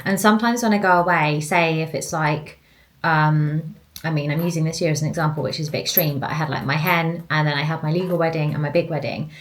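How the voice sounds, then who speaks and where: A young woman talks in a relaxed, rambling way, her voice sitting a little low for a woman. She chats casually to a handheld camera at home and keeps reaching for "like" as she goes. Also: fast talker. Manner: chatty and rambling, fills with "like". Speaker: vlogger. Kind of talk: casual vlog chat to camera.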